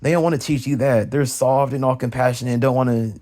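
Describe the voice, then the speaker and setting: A man's voice: steady tone, fast talker. Heated young man ranting, profane. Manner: swings high and loud when mimicking others. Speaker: vlogger ranting. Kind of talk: casual rant.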